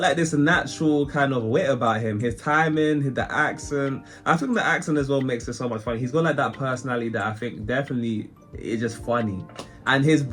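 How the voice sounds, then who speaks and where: A man's voice: mid-range voice, fairly bright tone. A British man hosting a reaction video, rambling in casual commentary and often laughing as he talks to his viewers. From Britain.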